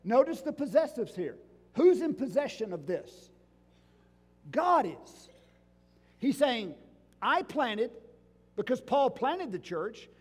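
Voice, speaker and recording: A male pastor delivers a sermon in a strikingly high, lively, yet husky voice, moving slowly and deliberately as he pushes the congregation with rhetorical questions. His words echo with a long reverb in the sanctuary.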